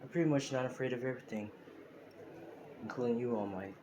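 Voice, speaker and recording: A man's voice: medium pitch, fast talker, noisy background, lightly acted. Man reading a cocky boy hero. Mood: smug. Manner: smug, taunting. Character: cocky overpowered teenage boy hero, smug and proud.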